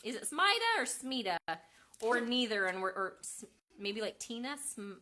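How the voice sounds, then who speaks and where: A mother hosting a home craft livestream, with a bright, clear tone that carries well. She talks in a loose, chatty way, full of ums and quick self-corrections, while reading out viewer comments. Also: a little high, steady tone. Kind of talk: casual live demo, reading viewer comments. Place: at home with her kids.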